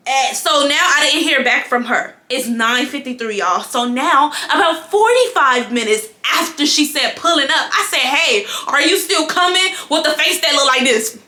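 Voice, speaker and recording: A young woman telling a casual storytime to her viewers, animated and talking to them as y'all. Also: high-pitched, moderate pace, hardly any pauses, reverberant. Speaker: vlogger.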